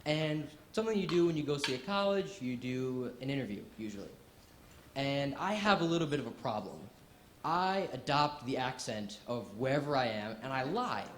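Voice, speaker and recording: A man's voice: mid-range voice, moderate pace. A sixteen-year-old boy doing stand-up comedy in a club, telling stories with put-on voices. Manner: animated storytelling with put-on voices. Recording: roomy club with audience noise.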